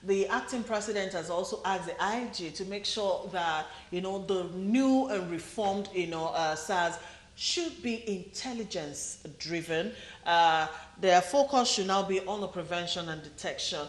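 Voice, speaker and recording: A television host leads a panel discussion at an ordinary pitch. The host mostly gives short acknowledgements, then poses long questions. The voice carries the echo of a roomy studio. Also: measured pace. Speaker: TV show host. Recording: echoey studio.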